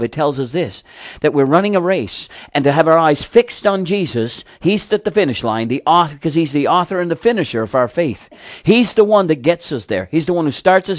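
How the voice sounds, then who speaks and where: A man's voice: medium pitch, dry recording, studio quality. A man preaching a sermon, earnest and personal, building to fervent exhortation. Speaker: pastor.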